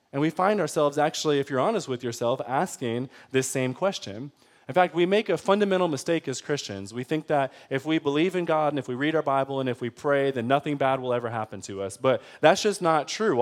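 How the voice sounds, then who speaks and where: A man preaching a sermon in a conversational way, often checking in with his listeners and acting out pleading voices. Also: fairly high pitch. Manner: acts out pleading voices with rising intensity. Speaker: pastor.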